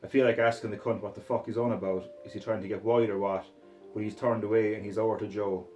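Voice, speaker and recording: A man reading a story aloud in the first person, putting on a Scottish accent and talking in a rough, swaggering way. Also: fairly low pitch, flat delivery, quick pace, a little mellow, faint music behind. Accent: put-on Scottish accent. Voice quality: rough, profane, swaggering narration in character. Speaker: reader of a short story.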